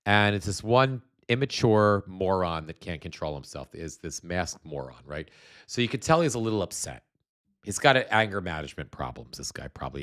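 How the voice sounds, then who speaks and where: A man hosting a live stream, talking bluntly and scornfully, with many restarts as he explains things at his computer. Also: fairly low pitch. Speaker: show host.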